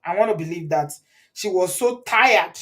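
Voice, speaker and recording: An animated Nigerian woman with a Nigerian accent and a fairly low, slightly bright voice hosts a live commentary on her channel at a moderate pace. She laughs often, chats freely, reads viewer comments aloud and switches into Pidgin and Yoruba.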